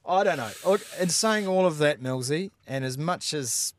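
A man with a New Zealand accent, co-hosting a casual rugby podcast and giving animated, opinionated analysis. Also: a little high, moderate pace, slight background noise. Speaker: podcast co-host.

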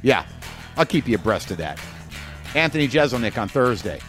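Chatty podcast host in a hotel room. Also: male voice, mid-range voice, big pitch swings, fairly quick, fairly bright tone, soft background music. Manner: chatty, rambling plugs, self-deprecating. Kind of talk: show outro.

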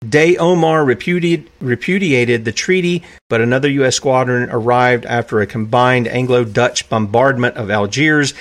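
A man hosting a solo commentary show, talking emphatically with restarts and asides, reading passages aloud from documents. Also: medium pitch. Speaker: podcast host.

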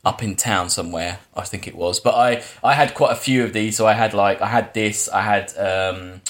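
A man's voice: fairly low pitch, steady tone, moderate pace. A man in his forties co-hosting a podcast, chatting easily and rambling through his memories. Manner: easygoing, rambling, lots of fillers. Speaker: podcast co-host. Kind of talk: casual chat.

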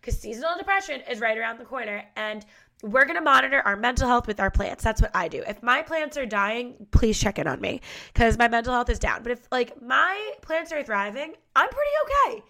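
Young woman host w a head cold, stuffy nose, gushy and chatty, kinda high voice. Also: fairly quick, bright, forceful tone. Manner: bubbly, gushing, heavy use of "like". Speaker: podcast host. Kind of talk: casual chat.

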